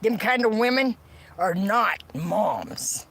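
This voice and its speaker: A woman ranting on a livestream, profane and repetitive, swinging from wry laughter to shouting. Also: mid-range voice, expressive, brisk, long pauses, slight background noise. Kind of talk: angry livestream rant.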